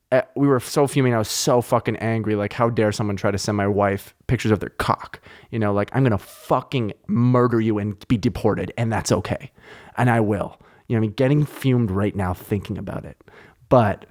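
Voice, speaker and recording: A young man hosting a podcast, telling stories in a casual, heated, profane way. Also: lowish voice. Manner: animated, profane, heated retelling of anecdotes. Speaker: podcast host. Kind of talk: casual storytelling chat.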